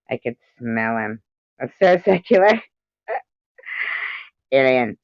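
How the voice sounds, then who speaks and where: A woman's voice: rumbling low, lively intonation, unhurried, pauses often, smooth, no room sound, highs cut off. Playful woman bantering with her stream chat. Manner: playful, teasing, answers chat messages aloud; tries out joke accents. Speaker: livestream host. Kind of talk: casual livestream chat with viewers.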